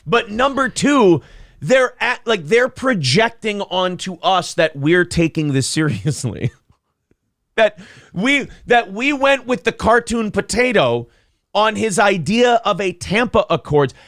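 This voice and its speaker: A man co-hosting a casual podcast, ranting sarcastically and mocking his critics in shouted put-on voices. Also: high-pitched, sing-song, unhurried, no echo, clean studio sound. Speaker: podcast co-host. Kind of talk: casual profane banter.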